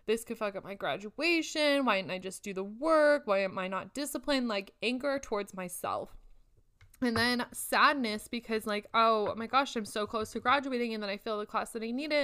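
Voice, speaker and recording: Young woman, podcast host, casual confessional monologue, mid-pitched clean voice. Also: a bit bright, smooth. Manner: candid, chatty, frequent "like" fillers, occasional swearing.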